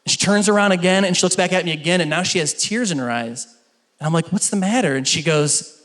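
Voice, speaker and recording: Middle-aged stand-up comedian from Kentucky, fairly high. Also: male voice, fast talker. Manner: storytelling, animated punchlines. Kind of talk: stand-up routine, then interview. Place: stage before a live audience.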